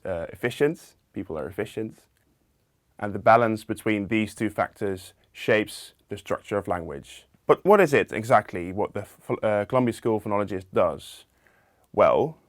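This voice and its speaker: A man giving an explanatory linguistics lecture in a measured way, pausing now and then with small fillers. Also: lowish voice, no echo, clean studio sound.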